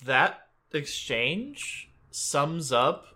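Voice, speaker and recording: A man on a casual podcast, calmly explaining and adding background information. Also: fairly high pitch. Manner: measured, explanatory, offering background trivia.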